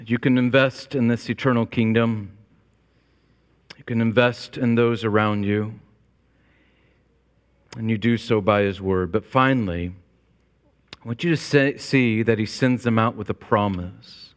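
A man preaching a sermon as pastor, climbing to emphatic high peaks and then dropping low and quiet. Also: fairly even intonation, measured pace, long pauses, smooth. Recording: long reverb of a large hall.

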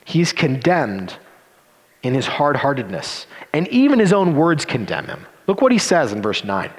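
A man preaching a sermon as pastor, animated and given to sarcastic asides. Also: mid-range voice, normal speed. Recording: long reverb of a hall.

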